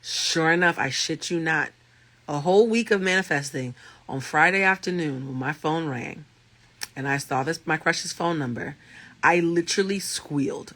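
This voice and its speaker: This life coach and tarot reader has a thick, raspy voice with a bright, cutting edge, pitched a little high, and he talks fairly quickly. Chatting casually with his livestream audience, he tells animated stories and swears freely.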